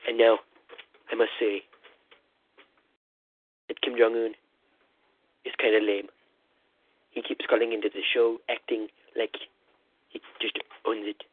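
A man doing a comic impression of a rambling, boastful male president, calling in over a phone line with a husky voice. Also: lowish voice, little pitch movement, measured pace, long pauses, dry recording. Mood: blustering. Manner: rambling, repetitive "listen", boastful bluster. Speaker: comedy caller. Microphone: phone call-in. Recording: tinny phone line, dry.

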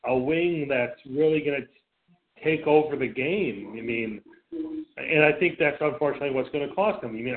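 Blunt, cursing man on a tinny line. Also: a little high. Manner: blunt, profane, stammering restarts. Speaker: radio show co-host. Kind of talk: casual sports talk. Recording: phone-like lo-fi sound.

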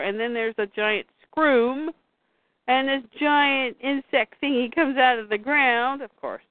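Higher-voiced woman on a tinny line. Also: moderate pace, no room sound. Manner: retells scenes, reading dialogue aloud. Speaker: comics podcast co-host. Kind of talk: casual chat, recapping a comic. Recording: tinny phone-like line, dry.

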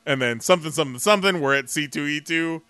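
A man running a casual comics podcast, talking in an animated, laughing way and swearing freely. His voice is bright and a bit high for a man, and it sounds close and dry. A faint mains hum sits under him. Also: quick pace, smooth, dry recording. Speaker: podcast co-host. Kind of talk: casual chat.

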